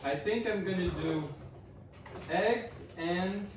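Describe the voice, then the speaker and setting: A man's voice: sits high, takes it slowly, noisy background. A man chatting casually to his viewers while he cooks breakfast, rambling and correcting himself as he goes, filmed on a camera on a tripod in a home kitchen. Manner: chatty and rambling, with many fillers; self-correcting, thinks aloud. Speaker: vlogger. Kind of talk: casual chat while cooking.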